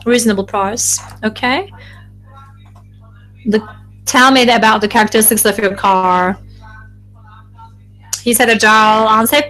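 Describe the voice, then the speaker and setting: A woman interpreting a focus group live, in a halting delivery full of restarts and self-corrections. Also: a little high, fairly bright tone, rough recording.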